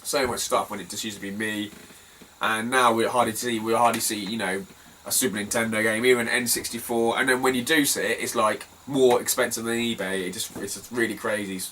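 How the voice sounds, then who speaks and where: A man's voice: on the low side, fairly quick. A man, chatting casually in a vlog about hunting for retro games at car boot sales, laughing often and swearing offhand. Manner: chatty, laughs often, swears casually, animated when telling a funny story. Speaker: retro game collector vlogger. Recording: somewhat distant mic, faint ambient noise.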